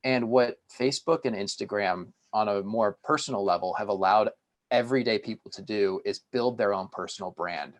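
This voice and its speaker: A man's voice: lowish voice, normal speed. A man, a company founder, speaking as a guest on a podcast and telling stories with enthusiasm. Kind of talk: podcast interview.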